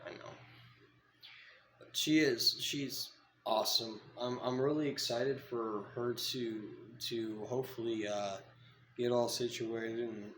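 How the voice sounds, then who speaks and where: Rambling snake breeder in an echoey room. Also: male voice, medium pitch, slight background noise. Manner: casual, rambling, with fillers and restarts; coos softly to his snakes in between. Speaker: python breeder. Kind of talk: casual vlog.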